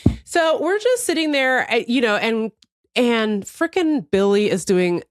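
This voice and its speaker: A woman's voice: on the high side, unhurried, no room sound, clean studio sound. A woman co-hosting a casual comedy podcast, telling a story with lots of laughs and acted-out quotes. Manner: animated storytelling, laughs often; swears casually, acts out quotes. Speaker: podcast co-host.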